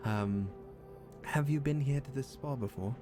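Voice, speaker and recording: A man's voice: mid-range voice, slow pace, music in the background, lightly acted. A man voicing a courteous elven woman who works at a spa, showing guests around with rambling tour-guide patter. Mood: welcoming.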